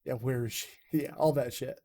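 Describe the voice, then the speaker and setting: A man's voice: mid-range voice, fairly even intonation, moderate pace, warm tone. A man hosting a live stream chat in a rambling, jokey way, swearing often. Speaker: streamer and podcast host. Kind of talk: casual chat.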